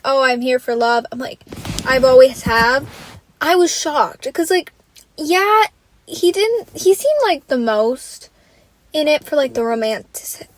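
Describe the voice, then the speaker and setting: A young woman hosting a solo podcast, ranting in an exasperated, casual way, swearing freely and saying "like" constantly. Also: fairly high pitch. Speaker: podcast host.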